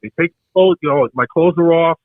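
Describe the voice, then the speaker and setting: The hosts' father, an older man whose voice sits on the high side, relates a story in relaxed chat, enacting the things other people said. He's quick and animated, captured on dry, narrow, tinny audio.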